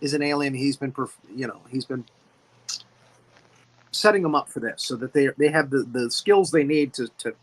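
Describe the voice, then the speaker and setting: A man's voice: medium pitch, normal speed, low-quality recording. A man hosting a casual movie discussion who rambles, repeats words and laughs often. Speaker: host.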